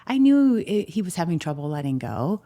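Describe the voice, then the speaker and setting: A middle-aged woman, a restaurant marketing executive, talking as an interview guest and telling a heartfelt story with lively swings in her voice. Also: on the low side, brisk. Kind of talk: casual interview conversation.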